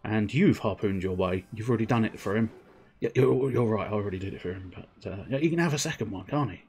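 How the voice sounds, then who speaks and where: A man's voice: lowish voice, quick pace, a little mellow, a little hiss or hum. A man giving rambling, jokey, self-mocking commentary while he plays on a live stream. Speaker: game streamer.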